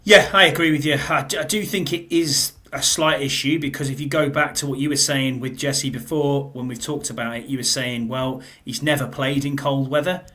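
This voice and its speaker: A man from the north of England hosting a sports podcast in an easy, chatty way, his voice sitting at an ordinary middle pitch. He reads out listener questions and often sinks lower and quieter for dry asides. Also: steady tone, normal speed, few pauses. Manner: chatty, drops his voice low for wry asides. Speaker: podcast host. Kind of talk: casual sports chat.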